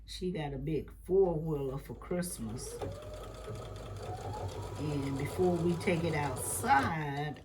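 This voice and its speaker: A woman who hosts a quilting channel. She chats casually and rambles through family stories during a sewing tutorial, sometimes dropping into soft muttered asides. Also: sits low, slight background noise.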